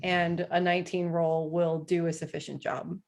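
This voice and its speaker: A woman running a tabletop game as game master, unhurried and laughing often. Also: on the low side, little pitch movement.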